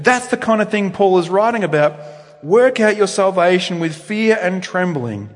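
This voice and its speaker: A man preaching a sermon in a church, with animated delivery that swings between loud emphasis and quiet reflection. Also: sits high, normal speed. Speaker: pastor. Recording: long reverb in a church.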